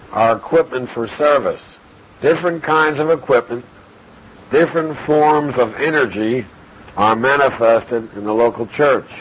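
Man teaching scripture on a dull recording. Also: mid-range voice. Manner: measured, methodical, quotes scripture verse by verse. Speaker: Bible teacher. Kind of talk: expository Bible teaching. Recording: dull lo-fi recording with faint hiss.

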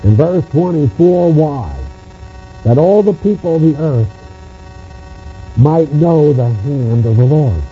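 A man's voice: on the high side, expressive, slow pace, long pauses, soft background music. A man preaching a sermon on scripture, stressing his points by repeating phrases. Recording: muffled lo-fi recording with mains hum.

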